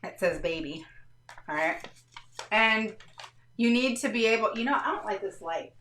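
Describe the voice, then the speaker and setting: Animated at a normal pace, her mid-range voice carries a fairly bright tone as she hosts a laid-back parenting live stream. She guides viewers through things one step at a time, checking in often with "all right," captured by a slightly distant mic in a roomy space with light background noise.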